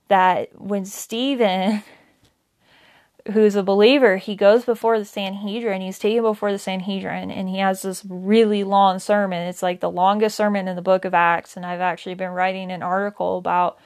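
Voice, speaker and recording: A woman teaching a daily Bible reading in a casual, conversational way, with many fillers and self-corrections. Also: medium pitch. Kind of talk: casual Bible study talk.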